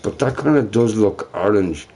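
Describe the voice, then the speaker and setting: Man rambling, profane streamer with gravelly fry. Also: lowish voice, expressive, moderate pace, dark tone. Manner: rambling, profane, self-mocking, laughing between remarks. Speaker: livestreamer. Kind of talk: casual livestream chatter.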